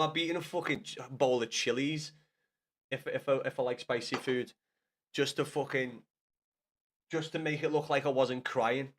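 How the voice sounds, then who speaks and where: A man's voice: medium pitch, fairly bright tone. A man in his thirties with a Scouse accent, hungover and rambling, chatting casually to his stream viewers with lots of swearing and restarts. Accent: Liverpool Scouse. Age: 30s.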